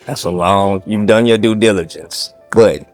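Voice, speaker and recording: A man giving a heartfelt spoken tribute to his pastor, sincere and a little halting with many ums. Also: lowish voice, a little mellow, soft background music. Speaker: church member giving a tribute.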